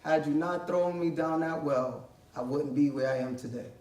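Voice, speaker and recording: A man giving voice to Joseph, a forgiving ruler, speaks solemnly and with feeling. The voice sits high, and it echoes through a large room from a distance. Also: normal speed, darkish tone, close to an everyday voice. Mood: tender. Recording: echoey hall from far off.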